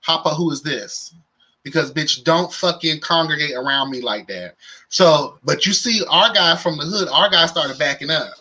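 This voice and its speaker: A man's voice: a little high, normal speed, breathy edge, poor audio. A young man hosting a live reality show recap in casual, campy commentary, with sass, slang. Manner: sassy, campy, animated with slang and exclamations.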